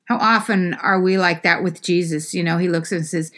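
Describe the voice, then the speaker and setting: A woman's voice: lowish voice, steady tone, normal speed, fairly bright tone. A woman preaching a sermon in a conversational way, with frequent fillers and restarts.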